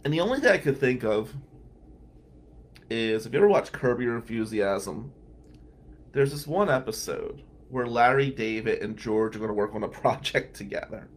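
This Atlantic City, New Jersey criminal defense lawyer, who also hosts a podcast, has a mid-range, animated voice at a moderate pace. He rambles through casual anecdotes, laughing softly between comments.

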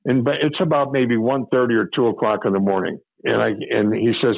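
A man's voice: mid-range voice, steady tone, a little fast, gravelly, no room sound. Older man on a tinny line. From Chicago. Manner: rambling, repeats phrases as he recalls. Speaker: former police officer recounting his career. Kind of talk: storytelling interview.

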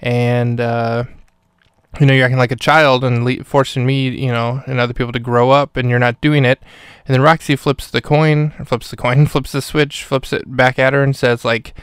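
A male podcast host talks through a film review in a loose, rambling way, full of fillers and restarts. His voice is smooth and clear at an ordinary pitch. The microphone sits close in a dry, dead space. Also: flat delivery, moderate pace, no room sound. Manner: rambling, filler-heavy, self-correcting. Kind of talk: casual spoken review.

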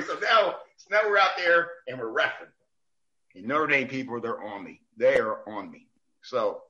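A man with a higher, very bright voice tells stories with lots of swing in pitch, laughing and repeating himself as he acts out other people. The sound is somewhat dull and lo-fi. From United States. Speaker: referee guest. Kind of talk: animated storytelling in a podcast interview.

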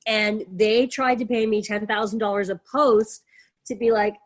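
A woman's voice: medium pitch, normal speed. A woman telling stories in casual chat, giggling often and acting out other people's lines. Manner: giggly, animated storyteller. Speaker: podcast guest, influencer.

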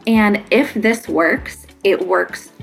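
A woman's voice: mid-range voice, slow pace, creaky, faint music behind. A woman giving casual parenting advice on sleep, chatty and full of fillers, sometimes acting out what parents and kids say. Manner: chatty, lots of fillers, acts out quotes. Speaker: child sleep consultant.

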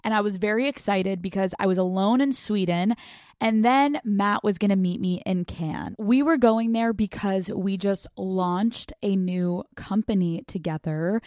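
A woman's voice: medium pitch, a little slow, a little mellow, dry recording, studio quality. A young adult woman hosting a podcast, telling a casual, jokey story with lots of swearing. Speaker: podcast host. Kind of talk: casual monologue with profanity.

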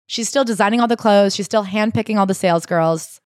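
A woman co-hosting a podcast, chatting casually as she retells a memoir with animated asides. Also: medium pitch, fairly quick, dry recording, clean studio sound. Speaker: podcast co-host.

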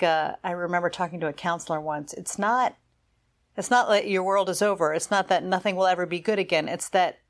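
Lower-voiced woman talking reflectively. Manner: reflective, candid, laughs easily. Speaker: podcast co-host. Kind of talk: casual chat.

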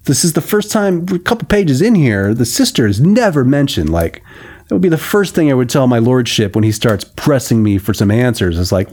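A man's voice: medium pitch, very animated, brisk, darkish tone. A man reading an old novel aloud and breaking off for wry, joking asides. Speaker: reader and commentator.

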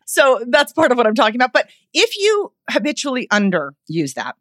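A woman vocal coach giving expressive feedback on voices in a podcast conversation. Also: on the high side, fairly quick, dry recording, clean studio sound. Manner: expressive, demonstrates vocal points.

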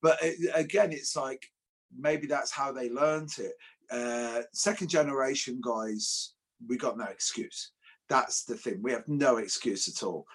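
English man co-hosting a podcast chat: husky voice, jokey and animated when telling stories. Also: medium pitch, a little slow. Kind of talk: casual discussion.

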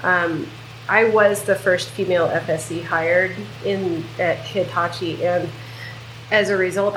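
A woman's voice: medium pitch, a little hiss or hum, poor audio. A woman guest on a podcast, speaking candidly and reflectively about her own experience. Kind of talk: casual podcast chat.

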